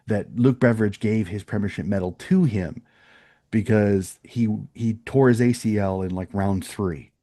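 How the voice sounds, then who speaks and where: A man's voice: lowish voice, moderate pace, warm tone, dry recording, studio quality. A man co-hosting a sports podcast, chatting casually and rambling through opinionated points with frequent restarts. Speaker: podcast co-host.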